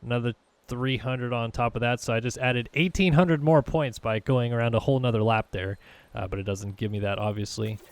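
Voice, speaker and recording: A man from California giving relaxed, chatty commentary over his racing game, thinking aloud with lots of fillers. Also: medium pitch, a little fast, no room sound. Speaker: gaming channel host. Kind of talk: casual gameplay commentary.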